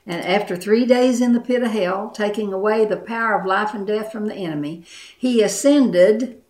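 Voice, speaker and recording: Earnest woman preaching in an echoey room. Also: medium pitch. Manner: earnest, emphatic, repeats phrases. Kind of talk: sermon.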